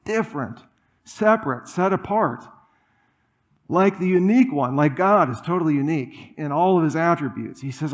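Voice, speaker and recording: A man preaching a sermon in a church, conversational and animated, with asides and humor. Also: a little high. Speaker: pastor. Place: church auditorium.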